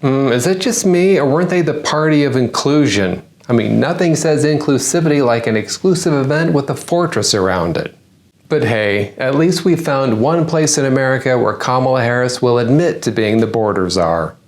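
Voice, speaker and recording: A man's voice: mid-range voice, animated, moderate pace. A man hosting a comedy news segment, delivering a satirical monologue with sarcastic punchlines.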